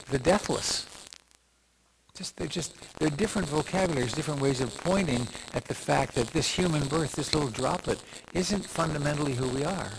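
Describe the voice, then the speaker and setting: A man's voice: medium pitch, vocal fry, noisy background. An older man, a meditation teacher, giving a reflective, meandering dharma talk full of restarts and asides.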